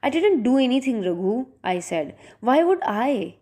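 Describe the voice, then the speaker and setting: A woman's voice: fairly high pitch, very animated, normal speed, warm tone. A woman reading the lines of a defensive young man who insists again and again on his innocence, in an audiobook.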